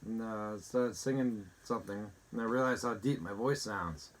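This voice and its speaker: A young man co-hosting a podcast, sick with a voice deeper than usual, tossing in dry joking asides in casual chat. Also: normal speed. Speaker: podcast co-host.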